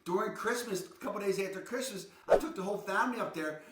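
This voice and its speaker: A man's voice: high-pitched, quick pace. Hyped Baltimore-accented man, echoey room. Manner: hyped, salesy, repeats rhetorical questions. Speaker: relocation guide host. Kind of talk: promotional vlog monologue. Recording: echoey room with loud background noise.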